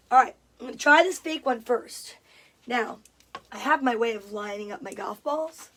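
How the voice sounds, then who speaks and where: A woman's voice: on the high side, normal speed, a bit bright, a little hiss or hum. A woman chatting casually on a livestream, greeting viewers by name and reading out their comments. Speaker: livestream host.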